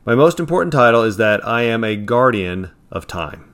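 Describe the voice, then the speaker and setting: A man voices a composed, self-assured graying gentleman who speaks with calm, measured firmness. He sounds like a steady figure in a storybook, lowered a little from the reader's own voice. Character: calm, confident graying gentleman, a time guardian.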